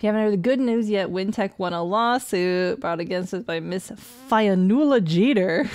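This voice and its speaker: A woman's voice: mid-range voice, a little mellow. Giggly woman streamer reading jokes aloud. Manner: giggly, jokey, reads emails with playful voices. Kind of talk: casual let's play commentary, reading in-game emails aloud.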